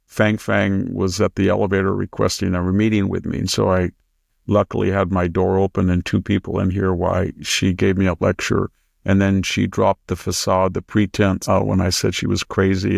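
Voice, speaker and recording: A man's voice: sits low, gravelly, no echo, studio quality. A man hosting a political talk show, speaking in an emphatic, lecturing way. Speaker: host. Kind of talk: political commentary chat.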